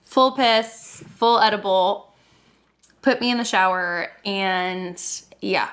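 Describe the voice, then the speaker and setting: A woman's voice: medium pitch, takes it slowly. A woman in her thirties, a podcast co-host, telling a casual story with lots of laughter and swearing. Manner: laughing, animated, swears freely.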